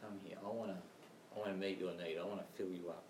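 A man speaking as a stern, commanding male teacher, in firm, measured quoted speech during a sermon. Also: sits low, steady tone, background noise, voice pushed down, close to an everyday voice. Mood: solemn. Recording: roomy, distant mic.

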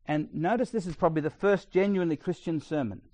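A middle-aged Australian man preaching a sermon in a chatty, storytelling way with quick asides. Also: fairly high pitch, mellow, no echo.

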